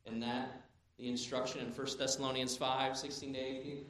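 A man in his thirties preaching a sermon as pastor, animated, moving between quiet asides and loud emphatic bursts. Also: mid-range voice, moderate pace. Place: church sanctuary. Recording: very echoey church hall.

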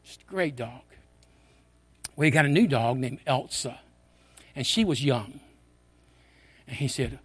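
A man's voice: mid-range voice, expressive, a little slow, long pauses, slightly rough. An older man shares a memory from the pulpit, earnest and conversational. He often restarts his phrases as he tells his story, in a mid-range voice. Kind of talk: personal storytelling.

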